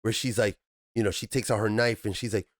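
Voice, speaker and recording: A man's voice: fairly quick, no echo. Man ranting about TV, dry close sound. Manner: animated, profane, swings up into high exasperated bursts. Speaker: TV review channel host. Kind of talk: ranting TV review commentary.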